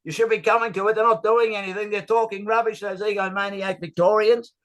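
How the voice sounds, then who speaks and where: A man putting on a loud, blustering male radio commentator with a booming cartoon-rooster drawl. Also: flat delivery, a little fast. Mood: outraged.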